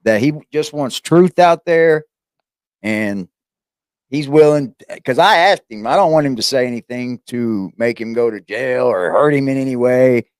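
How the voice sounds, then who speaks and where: A man's voice: mid-range voice, expressive, a little slow, clear, resonant tone, no room sound, clean studio sound. A man hosting a casual interview and reaction stream, laid-back, talking to his viewers and often restarting his sentences. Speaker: show host.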